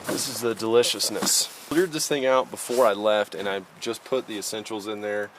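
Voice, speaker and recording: A man's voice: on the low side, fairly even intonation, normal speed, noisy background. A man vlogging casually from a mountain campsite, easygoing and folksy, a little out of breath from the altitude. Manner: easygoing, folksy, says y'all. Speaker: outdoor vlogger. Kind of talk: casual camping vlog.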